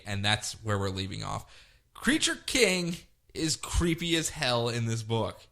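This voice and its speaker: A man co-hosting a podcast in casual chat, retelling stories in a jokey, animated way. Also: medium pitch, measured pace, creaky. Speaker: podcast co-host.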